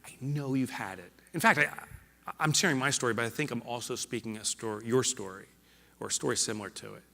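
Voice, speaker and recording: Keynote speaker, man, middle-aged, bright voice, big reverberant hall, swings from loud to hushed. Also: medium pitch, fast, gravelly. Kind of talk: motivational stage speech. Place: large hall before a live audience.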